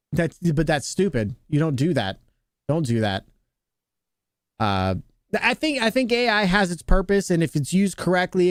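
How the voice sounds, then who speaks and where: A man's voice: a little high, darkish tone, no room sound, studio quality. A man streaming live, chatting casually with his viewers, rambling and restarting his sentences as he reads the chat.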